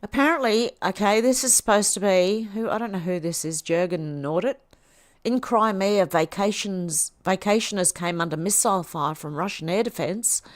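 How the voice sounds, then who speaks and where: A woman's voice: medium pitch, moderate pace, no echo, studio quality. A woman hosting a livestream, reading posts aloud and reacting in a chatty way. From Australia. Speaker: livestream host.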